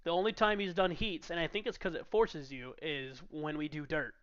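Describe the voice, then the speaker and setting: Laid-back guy joking at himself, kinda high voice, muffled call sound. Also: moderate pace, a crowd in the background. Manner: relaxed, self-deprecating, joking. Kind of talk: casual chat.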